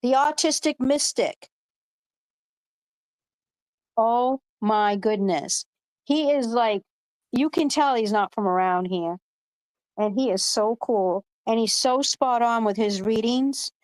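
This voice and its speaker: A woman's voice: fairly high pitch, takes it slowly, pauses often, darkish tone, dry recording. A woman hosting a live online panel in casual chat, rambling and emphatic, swearing freely. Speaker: panel host. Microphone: video call.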